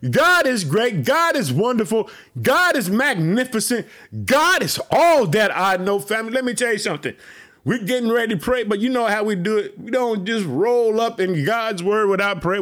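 A man preaching to his podcast listeners as pastor, excited and repetitive. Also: high voice. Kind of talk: podcast sermon.

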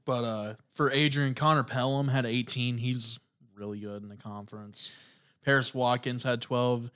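An easygoing young man talks about players in a loose, friendly way. He laughs easily between his points, and his voice sits at an ordinary middle pitch. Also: fairly even intonation, normal speed, a bit bright, clean tone. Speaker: student sports broadcaster. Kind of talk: casual sports chat.

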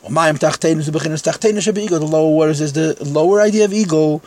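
A man's voice: on the high side, rapid-fire, a little mellow. A man teaching a text-study lecture in Yeshivish English, conversational, with frank self-deprecating asides.

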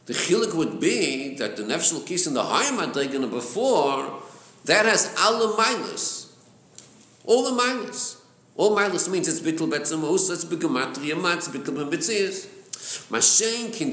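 A man teaching a Chassidic text class, explaining with many repeated words and Hebrew terms mixed in. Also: a little high. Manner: lively, repeats words, mixes Hebrew and Yiddish terms into English. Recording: echoey room.

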